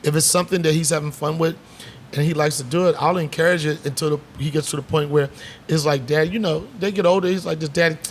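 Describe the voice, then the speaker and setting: A man's voice: fairly high pitch, fast, a little hiss or hum. A middle-aged man, a comedian, telling stories in a casual bar chat, acting out voices and swearing freely. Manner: animated storyteller, acts out voices, swears freely. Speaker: comedian guest. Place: bar set.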